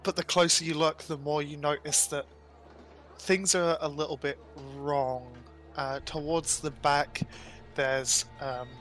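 A male game master narrates a tabletop scene in a bright, clear voice. He describes loosely and casually, with filler words, while faint music plays underneath. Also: a little high. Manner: loose and descriptive, with frequent ums and likes.

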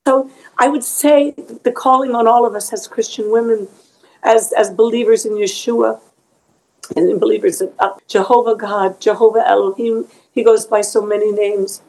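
A woman's voice: on the high side, steady tone, normal speed, darkish tone, low-quality recording. Earnest woman talking faith. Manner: earnest, emotional, repeats words when moved. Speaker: author and interview guest. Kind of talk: faith interview, conversational.

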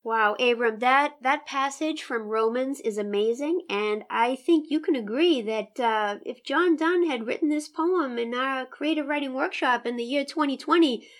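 A woman teaching a poetry lesson in an enthusiastic, engaged way, reading lines aloud with emphatic pauses. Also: high voice. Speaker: literature teacher. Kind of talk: literary discussion lesson.

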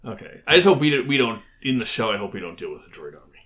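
A man chats casually as a podcast co-host, with a bright, sharp edge to his voice. His remarks are dry and teasing. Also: mid-range voice, big pitch swings, fast talker. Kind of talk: casual chat.

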